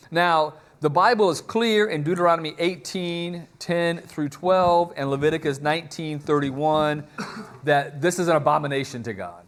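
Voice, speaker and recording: Male preacher, casual storytelling sermon, voice a touch high. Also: normal speed. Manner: conversational storytelling, acts out quotes.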